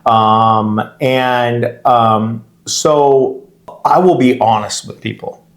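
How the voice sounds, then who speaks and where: A man's voice: medium pitch, fairly even intonation, extremely slow. Rambling middle-aged man hosting a podcast. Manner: rambling, self-interrupting, laughs while telling stories. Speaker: podcast co-host, real estate agent. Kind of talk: casual podcast chat.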